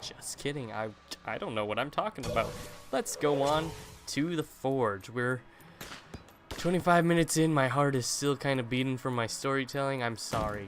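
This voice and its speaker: A talkative man in the middle of his voice range, chatting freely as he plays through a video game and narrating each move. Clear game music and gunfire play behind him. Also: medium pitch, moderate pace. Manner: chatty, rambling talker. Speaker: let's play host. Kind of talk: live gameplay commentary.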